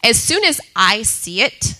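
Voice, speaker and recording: Bright clear woman, animated storytelling, laughs a lot, excitable. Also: fairly high pitch, a little slow, rough recording. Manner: laughs often, excitable, repeats herself. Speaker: speaker sharing a testimony.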